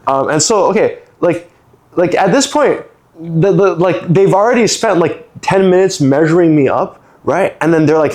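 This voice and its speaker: A man's voice: fairly high pitch, lively intonation, moderate pace, a little mellow. A man from San Francisco telling a long story in a casual podcast chat, rambling with lots of "like" fillers and acting out other people's lines. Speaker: storytelling guest.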